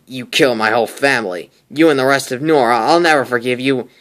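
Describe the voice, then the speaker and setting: A man's voice: fairly quick, fairly bright tone, close to an everyday voice. A man voicing a vengeful enemy soldier. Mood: menacing. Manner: low, threatening.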